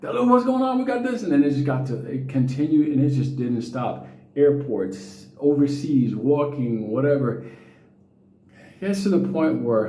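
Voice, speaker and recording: A middle-aged man, telling stories to his viewers in a casual, profane, animated way. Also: mid-range voice, roomy sound, a little hiss or hum, poor audio. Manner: profane, animated, quotes people in raised voices. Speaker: vlogger.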